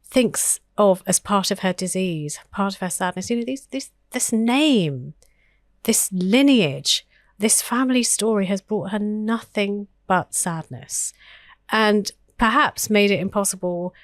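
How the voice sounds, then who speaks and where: A woman co-hosting a history podcast speaks earnestly and thoughtfully, at a slightly slow pace, with a medium-pitched, expressive voice. She often uses fillers and restarts her sentences, and the clean studio recording has no echo.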